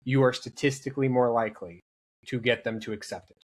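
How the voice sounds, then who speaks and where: A man chatting casually and drifting into long anecdotes. He has a middle pitch and loose, unhurried phrasing. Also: fairly even intonation. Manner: storytelling, rambling with restarts. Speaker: podcast guest. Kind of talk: casual chat.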